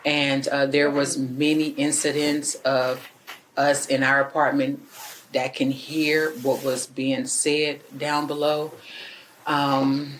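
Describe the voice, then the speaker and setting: A woman's voice: very deep voice, level tone, slight background noise. Hesitant woman witness recounting events. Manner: hesitant, halting retelling with fillers. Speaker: witness, neighbor. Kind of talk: police interview testimony. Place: police interview room.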